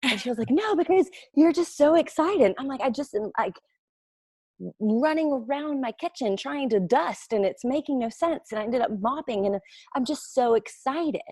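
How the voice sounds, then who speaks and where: A woman's voice: on the high side, normal speed, husky, no echo, clean studio sound. A woman, a network marketing recruiter talking casually and animatedly to her team. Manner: chatty, animated storyteller with playful quoted voices. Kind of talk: casual webinar talk.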